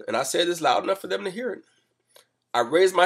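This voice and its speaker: A man telling a personal story in a calm, measured way, explaining step by step. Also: sits high, gravelly. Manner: calm and measured, rising to loud reenactments. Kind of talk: spoken personal account, explanatory.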